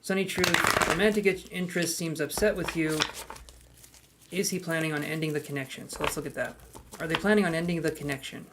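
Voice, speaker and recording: A man's voice: a little high, steady tone, a little fast, heavy background noise. A man hosting a live tarot stream in casual chat, greeting viewers by name, handing out queue numbers and cracking jokes.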